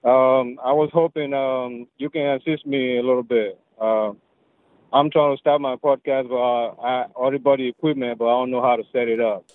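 A male caller on a thin, dry phone line, talking casually with hesitant ums and uhs. His voice sits at a mid pitch. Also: fairly even intonation, moderate pace, no echo. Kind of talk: casual phone call to a show.

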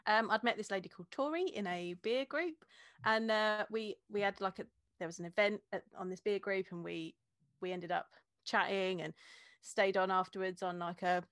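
A woman's voice: mid-range voice, moderate pace, fairly bright tone, smooth, no room sound, clean studio sound. A woman who teaches beer tasting, a guest in a casual interview, explaining with energy and laughing often.

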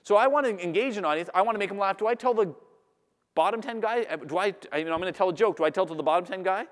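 Animated man speaking in a reverberant hall. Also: high-pitched, fast. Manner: animated, acts out audience voices. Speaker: public speaker. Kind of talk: keynote talk to a live audience.

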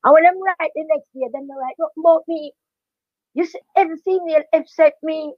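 An older Jamaican woman, a veteran dancehall DJ, telling her story in a lively patois interview with emphatic repetition. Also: high-pitched, fairly quick, dry recording. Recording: dry, dull lo-fi sound.

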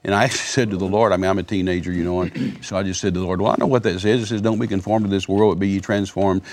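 A man's voice: sits low, steady tone, very fast, darkish tone. A man in his sixties, a guest minister in a broadcast interview, telling stories in a folksy way and often repeating words.

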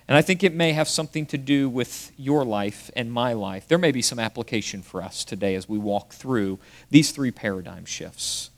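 Man preaching with hushed, dramatic drops. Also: mid-range voice, expressive. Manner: storytelling delivery that swings from raised emphatic phrases to hushed, slow drops; addresses the congregation directly. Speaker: pastor. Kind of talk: sermon.

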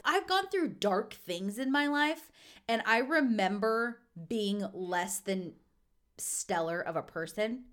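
A woman co-hosting a podcast in casual chat, an animated storyteller who acts out quotes in a high voice. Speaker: podcast co-host.

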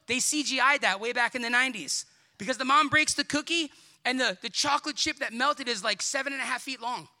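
A man preaching a sermon. He is animated, acts out quoted voices and builds to shouts. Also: very high-pitched.

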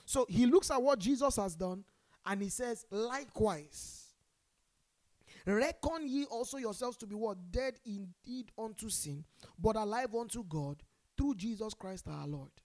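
Woman preacher, Nigerian accent, call-and-response sermon, fairly high voice, loud bursts and soft asides. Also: expressive, normal speed. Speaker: pastor.

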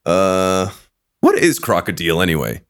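A man's voice: deep voice, moderate pace. A young man chatting casually on a podcast, telling crude, laughing stories. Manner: laughing storyteller, crude and animated. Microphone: headset or desk mic on a voice call.

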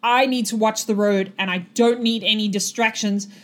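A woman's voice: mid-range voice, steady tone, moderate pace, natural voice. A woman voicing a jittery young town guard. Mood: defensive. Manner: jittery, defensive bluster. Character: nervous young male town guard with pike.

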